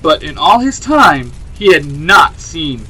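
A man's voice: a little high, sing-song, takes it slowly, sharp tone, slightly rough, low-quality recording. A man reading a fan fiction story aloud, doing all the characters' lines himself with little change of voice. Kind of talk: storytelling narration.

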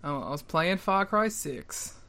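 A man's voice: fairly high pitch, sing-song, unhurried, vocal fry, bright, forceful tone. A man co-hosting a podcast in casual chat, laid-back with short, easygoing answers. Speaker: podcast co-host.

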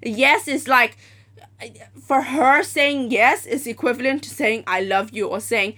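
A woman in her late teens hosting a solo podcast, telling stories in an animated, profane rant. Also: sits high, slow pace. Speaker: podcast host.

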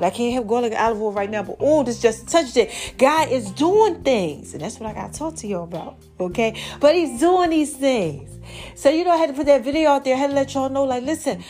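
Chatty black-woman podcasting, kinda high voice, faint music under it. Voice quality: animated, talkative, playful exclamations. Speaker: podcast host. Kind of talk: casual talk to followers.

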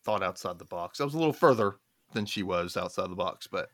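Talking fast in a low voice, this guest is an animated storyteller sharing family tales in casual conversation. He laughs a lot and performs the voices of those he quotes, and there's no echo on the recording.

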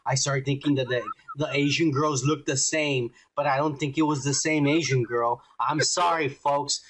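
A man riffing on a podcast in a loose, profane way, his voice a touch higher than most men's. He's animated and acts out the scenes he describes. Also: normal speed, slight background noise. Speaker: podcast co-host. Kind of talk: casual profane chat.

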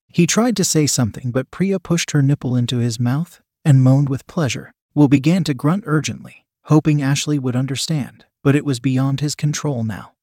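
A man's voice: medium pitch, a little mellow, no echo. Male narrator, dry studio read. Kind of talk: scripted audiobook narration.

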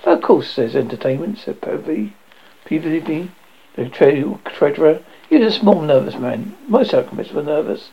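Halting man reading a novel aloud. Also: on the high side, animated, gravelly, slight background noise. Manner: halting, frequent restarts. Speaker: audiobook reader. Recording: dull lo-fi audio.

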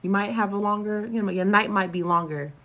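A woman leaving a voicemail with measured, instructive advice. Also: medium pitch, pushed and bright. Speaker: voicemail caller.

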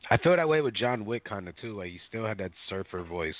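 A man with a lowish voice chatting loosely on a podcast, full of likes and uhs. The sound is dry and narrow, like a phone line. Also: animated, fast, no echo. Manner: rambling, filler-heavy storytelling with mock voices. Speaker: podcast co-host. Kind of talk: casual chat.

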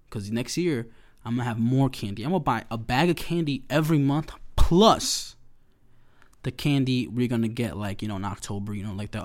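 Young male vlogger, mid-pitch, slangy and animated, sugar-high chatter. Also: normal speed. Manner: animated, slangy, laughs often. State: hyped up on sugar. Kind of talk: casual rambling monologue.

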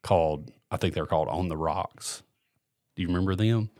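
A man hosting a casual podcast chat, chatty and quick to laugh. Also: low voice, a little mellow, no room sound, studio quality. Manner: chatty, laughs often, restarts sentences. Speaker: podcast host.

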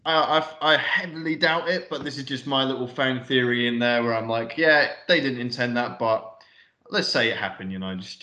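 A man's voice: mid-range voice, pushed and bright. A young man co-hosting a podcast, rambling casually and swearing while recapping a film. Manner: rambling, sweary, lots of fillers. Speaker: podcast co-host. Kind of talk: casual film review chat.

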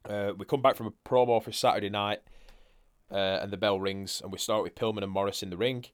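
A man's voice: on the low side, steady tone, fast talker, smooth. A man co-hosting a podcast, recapping a wrestling match in casual chat, laid-back and swearing freely. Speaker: podcast co-host.

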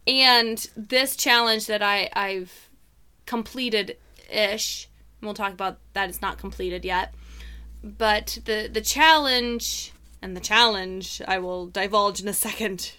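A woman with a mixed American accent and a slight Southern drawl, co-hosting a podcast in playful, animated casual chat full of fillers. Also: medium pitch, smooth. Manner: playful, animated, quick to laugh, lots of fillers. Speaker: podcast co-host.

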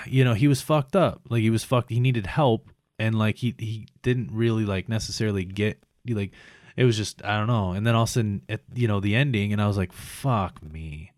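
A man's voice: fairly low pitch, moderate pace, darkish tone, dry recording, studio quality. A man in his thirties chatting casually, rambling and swearing a lot as he mocks himself. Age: 30s. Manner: rambling, profane, self-mocking. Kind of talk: casual chat.

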